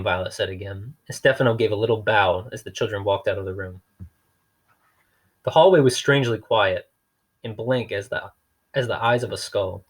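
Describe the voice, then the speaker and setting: A man's voice: lowish voice, a little fast, breathy edge. A man reading a novel aloud in a dry, wry storytelling manner. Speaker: reader.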